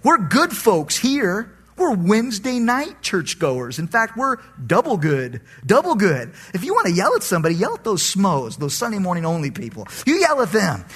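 A man voicing a smug, self-righteous male churchgoer who protests indignantly and defensively, in a raspy voice. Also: high voice, wildly swooping pitch, moderate pace, few pauses, fairly bright tone, heavily acted.

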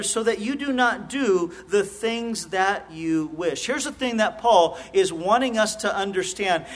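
A middle-aged pastor preaches with a notably high voice for a man. He talks earnestly, stumbling into quick repeated words and restarts as he builds his points. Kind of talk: sermon.

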